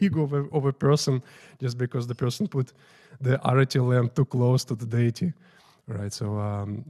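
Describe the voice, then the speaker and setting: A temple priest telling informal, halting stories about his teacher during morning prayers in a temple. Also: medium pitch, dark tone. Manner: informal, halting, restarting phrases. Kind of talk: storytelling talk at morning prayers.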